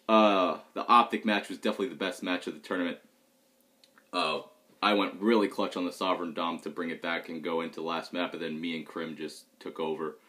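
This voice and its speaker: A man's voice: sits low, a bit bright. A young man, a pro gamer, talking in a loose, rambling and frank vlog chat. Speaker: pro gamer vlogging about tournaments.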